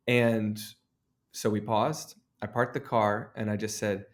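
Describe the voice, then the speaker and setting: Casting note: earnest man, deep-ish voice, reflective storytelling guest. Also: level tone, slow. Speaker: author and guest. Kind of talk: conversational interview.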